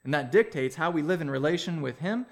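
A man preaching a sermon, reading scripture, praying, then telling a story in a relaxed, conversational way. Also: fairly high pitch, brisk, creaky. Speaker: pastor.

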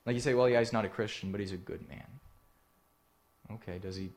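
A man preaching a sermon, earnest and direct, asking the listeners questions and swinging between emphatic lines and hushed ones. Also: lowish voice, steady tone, brisk. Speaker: pastor.

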